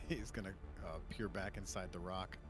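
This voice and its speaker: Slow-talking man at the game table. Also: sits low, fairly bright tone, soft background music. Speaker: player.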